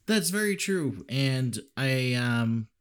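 A man's voice: medium pitch, lively intonation, slow pace, smooth. A male podcast host in casual chat. He is loose and irreverent, breaking into laughter and swearing freely as he talks about movies.

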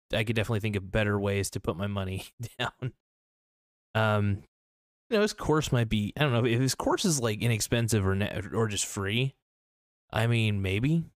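In a dry, clean studio recording, a man with a fairly low voice hosts a podcast and rants casually. Skeptical and blunt, he swears freely and leans on fillers.

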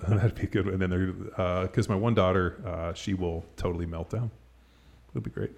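In a deep, darkish voice with vocal fry, a middle-aged man hosts a podcast at normal speed with fairly even intonation. He chats casually and rambles, filling gaps with "like" and "you know," quick to laugh.

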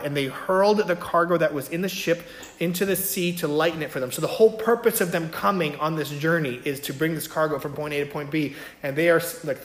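A man teaching from scripture in a relaxed, conversational way, often checking in with his listeners. His voice sits a little higher than most men's. The room around him is roomy and echoey. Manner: conversational, many fillers and "right?" checks. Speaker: Bible teacher. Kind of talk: casual Bible teaching.

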